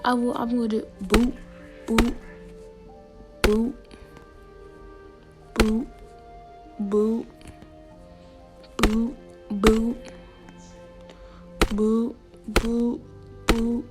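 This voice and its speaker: A woman's voice: a little high, level tone, extremely slow, long pauses, music in the background. A woman giving casual, playful gameplay commentary as a game streamer, teasing other players and often dropping into a whisper.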